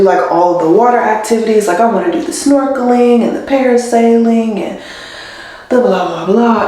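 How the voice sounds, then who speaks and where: A young woman vlogs at home in a strongly echoing room. Her middle-pitched voice confides and rambles through a casual catch-up, full of "like" and open about her feelings. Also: dark tone. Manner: rambling and chatty, heavy use of "like"; confiding and emotional. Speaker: nurse. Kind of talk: casual vlog chat. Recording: very echoey room.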